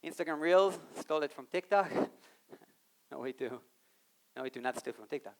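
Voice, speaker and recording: A man giving an animated live talk on a conference stage, speaking straight to the audience and acting out quoted voices. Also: fairly high pitch, normal speed. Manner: animated, addresses the audience directly.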